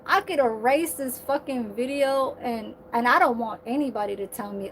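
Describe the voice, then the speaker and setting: A woman's voice: a little high, measured pace, a little hiss or hum. A woman in her thirties, ranting in a heated, profane, repetitive way on a casual livestream. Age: 30s.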